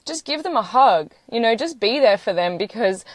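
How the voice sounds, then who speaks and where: A woman's voice: a little high, lively intonation, moderate pace, no echo. Woman, 30s, tearful earnest livestreamer, blunt and sweary, dry close phone sound. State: close to tears. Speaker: social media livestreamer. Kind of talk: emotional live-stream monologue.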